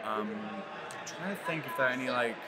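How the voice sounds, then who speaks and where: A man's voice: medium pitch, expressive, brisk, heavy background noise. A man, a musical's co-writer, chatting casually in an interview, rambling with lots of "like". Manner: rambling, heavy use of "like".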